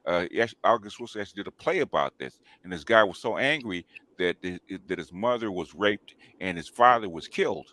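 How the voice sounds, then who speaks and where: A male host speaks in a casual talk show manner with a deep, low voice. He makes his points emphatically and keeps pausing to check in with his listeners. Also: expressive, sharp tone, dry recording. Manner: emphatic, repeats "okay?" and "right?".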